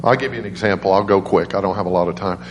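A man preaching a sermon as a guest speaker, telling stories in an animated way and leaping into high voices for quoted people. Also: racing, a little hiss or hum. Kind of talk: storytelling sermon. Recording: roomy church echo.

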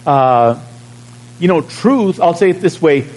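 A pastor preaching a sermon in a conversational way, stretching out key words and checking in with the congregation. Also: male voice, on the high side, expressive, a little slow, a little mellow, low-quality recording.

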